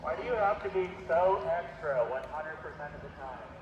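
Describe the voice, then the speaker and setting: Male protester, profane taunting, distant, loud crowd around. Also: fairly high pitch, lively intonation, normal speed, highs cut off. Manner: profane, jeering at police. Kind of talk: shouted taunting. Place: outdoors on a city street at a protest. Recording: echoey from far off with crowd.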